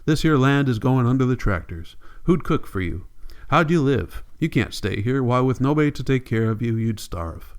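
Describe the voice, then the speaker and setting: A man's voice: medium pitch, expressive, moderate pace, clean tone, lightly acted. Guy reading tired farm dad, plain drawl, a bit pleading. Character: worried middle-aged farmer father.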